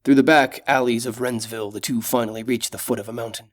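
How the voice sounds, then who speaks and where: A man's voice: medium pitch, fairly even intonation, quick pace, hardly any pauses. Man narrating a fantasy audiobook.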